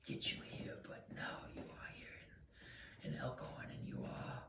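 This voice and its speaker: A raspy, hushed captor hisses his threats in a whispered role-play, as a man puts him on. The voice is gravelly and low, and it sounds distant in a roomy, echoing space. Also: a little slow, close to an everyday voice. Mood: menacing.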